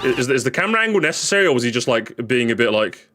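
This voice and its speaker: A male streamer reacting live to game replays, chatty and excitable, rambling with many restarts. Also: mid-range voice, quick pace, over music.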